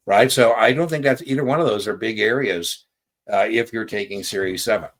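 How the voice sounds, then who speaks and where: A man's voice: on the low side, brisk, fairly bright tone. A man giving a casual exam-prep lesson, explaining with anecdotes and acted-out dialogue. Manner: conversational, storytelling, acts out quoted dialogue.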